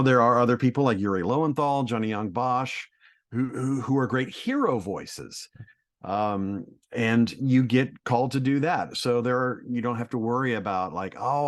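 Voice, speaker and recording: A man from Texas, a voice actor guest, chatting on a podcast in an animated, talkative and encouraging way. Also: mid-range voice. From Texas, USA. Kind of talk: casual podcast chat.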